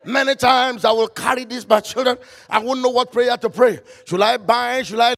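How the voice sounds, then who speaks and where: Guy preaching, really high gravelly voice, fervent, keeps shouting out scripture. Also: steady tone, moderate pace. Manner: quotes scripture in old-style phrasing. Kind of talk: sermon.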